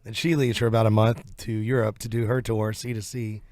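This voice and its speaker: A man's voice: lowish voice, brisk, no echo. Southern US man, country singer guest, loose rambling chat, dry close studio sound. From southern United States. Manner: relaxed, rambling, laughs easily. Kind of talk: casual interview chat. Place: radio studio.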